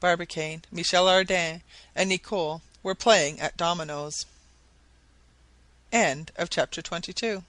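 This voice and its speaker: Bright-toned man reading a classic novel. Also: sits high, a little slow, pauses often, dry recording, poor audio. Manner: animated, acts out shouted quotes. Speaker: audiobook reader.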